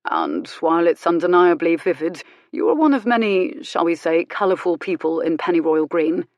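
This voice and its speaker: A woman voicing a calm, dry-witted male country vicar who speaks mildly but bluntly. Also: lowish voice, moderate pace, dry recording. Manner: mild, blunt, quietly commanding.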